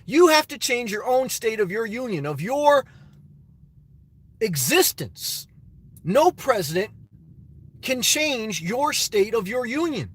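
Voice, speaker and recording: A man's voice: extremely high pitch, big pitch swings, slow, long pauses, breathy edge. A man livestreaming from inside his car, giving a joking mock-solemn presidential address and laughing often.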